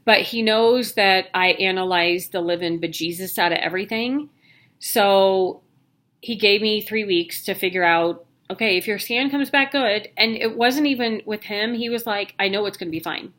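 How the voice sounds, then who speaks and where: A woman's voice: mid-range voice, normal speed, a bit bright. A woman in her thirties, talking casually to the camera in a candid, chatty way with jokey asides, sounding worn out. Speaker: vlogger sharing her health news.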